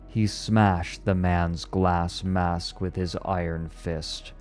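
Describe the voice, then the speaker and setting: A man reading a story aloud in a slow, measured and solemn way. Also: sits low, fairly even intonation, darkish tone, soft background music.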